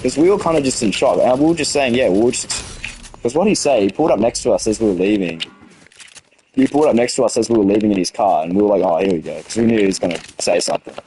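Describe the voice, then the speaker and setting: A man's voice: fairly low pitch, animated, quick pace, warm tone, a little hiss or hum, low-quality recording. A young man in his late teens with an Australian accent, chatting on a stream, rambling and heated, with lots of restarts and swearing. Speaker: gaming streamer. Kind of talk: casual stream chat.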